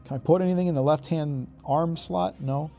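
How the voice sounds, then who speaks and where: A man's voice: a little high, normal speed, gravelly, warm tone, faint music behind. A man giving casual gameplay commentary, rambling and joking, often correcting himself mid-sentence. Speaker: gaming YouTuber.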